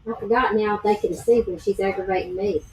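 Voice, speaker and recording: A woman's voice: mid-range voice, steady tone, brisk, darkish tone. A woman, co-hosting a live stream in a teasing, offhand way. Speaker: co-host, host's wife. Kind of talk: casual chat.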